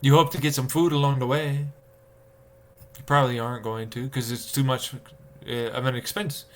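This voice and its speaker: A man's voice: medium pitch, fairly even intonation, normal speed. A young adult man livestreaming, ranting casually and profanely about commuting costs and acting out his own exasperated thoughts. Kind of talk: casual rant to stream chat.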